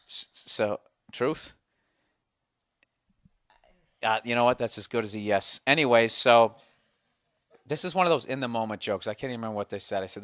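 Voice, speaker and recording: A man's voice: mid-range voice, a little fast, smooth, no room sound, studio quality. A man hosting a casual comedy podcast, ranting and telling stories with lots of swearing. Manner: profane, ranting, animated storyteller. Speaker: podcast host.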